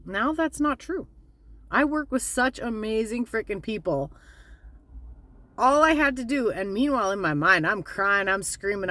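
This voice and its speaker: A woman giving a casual, candid motivational talk as a spiritual vlogger, plainspoken and slowing down to stress her points. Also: medium pitch, animated, pushed and bright, no room sound.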